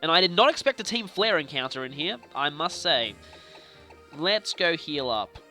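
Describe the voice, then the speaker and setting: Lively high-voiced young man gaming. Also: moderate pace. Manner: chatty, playful, animated reactions. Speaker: let's play host. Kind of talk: casual gameplay commentary. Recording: faint game music behind.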